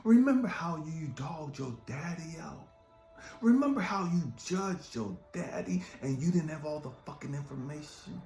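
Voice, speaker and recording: A man's voice: a little high, lively intonation, normal speed, a little mellow. A man voicing a personified Karma that taunts him with profane, repeated questions. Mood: taunting. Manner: mocking, profane, repetitive. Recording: echoey room with faint music.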